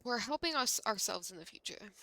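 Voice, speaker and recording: Bright-voiced young woman streamer. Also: mid-range voice, animated, brisk, a little hiss or hum. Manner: rambling, filler-heavy. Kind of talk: casual gameplay chat.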